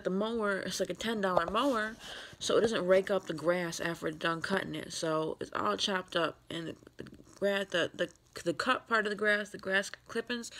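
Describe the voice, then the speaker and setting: An upset, tearful woman in her thirties venting in a rambling vlog, full of fillers and restarts. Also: fairly low pitch. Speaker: vlogger. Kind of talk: emotional personal vlog.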